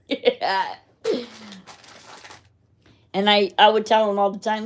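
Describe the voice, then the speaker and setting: A middle-aged woman talking casually, wandering from story to story. Her voice sits at an ordinary middle pitch. She laughs often as she goes. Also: steady tone, a little slow, long pauses. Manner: rambling, chatty, laughs often. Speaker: vlogger. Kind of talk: casual chat.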